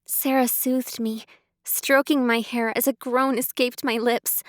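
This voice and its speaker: A woman narrating a first-person audiobook in a measured way, close to the mic. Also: on the high side, flat delivery, dry recording.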